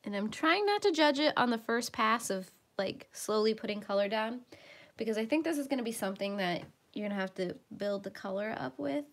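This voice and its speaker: A woman hosting a casual livestream from home while she colors. She chats along and sometimes drops into soft murmurs as she works. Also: fairly high pitch, animated, fairly quick. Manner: chatty, drifts into soft murmurs while working. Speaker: livestream host.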